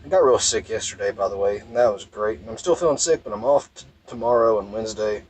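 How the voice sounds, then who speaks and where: A man's voice: lowish voice, quick pace, a little mellow, a little hiss or hum, low-quality recording. A tired young man from Mississippi, rambling wryly in a casual vlog from his parked car. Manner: rambling, self-interrupting, wry. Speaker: gaming vlogger. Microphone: phone.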